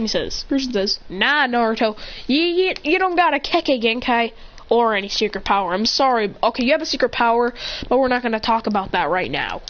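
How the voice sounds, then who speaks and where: A woman improvising a fan story while gaming, rambling, correcting herself and getting excited as she jumps between characters' lines. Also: on the high side. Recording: dull lo-fi recording.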